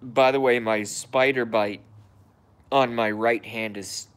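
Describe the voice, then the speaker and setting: A man's voice: medium pitch, steady tone, slow pace. A man casually chatting on a live stream, grumbling and cursing at himself. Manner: profane, self-deprecating grumbling. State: hiccups.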